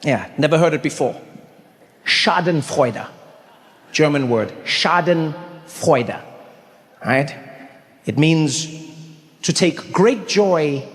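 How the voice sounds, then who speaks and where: Brief: male stand-up comic, animated storyteller, fairly high voice, long hall reverb. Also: unhurried. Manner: animated, acts out characters mid-story. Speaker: stand-up comedian.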